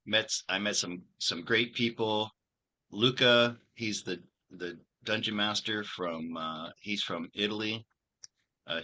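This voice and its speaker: A channel host talks casually over a video call, wandering through his story with frequent pauses and restarts. His voice is fairly low, yet its tone is very bright and forceful. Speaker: channel host and tarot reader.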